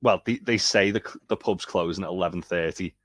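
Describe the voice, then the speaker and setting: A man's voice: low voice, fairly quick. A man co-hosting a casual TV review podcast, talking hesitantly with lots of restarts. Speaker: podcast co-host.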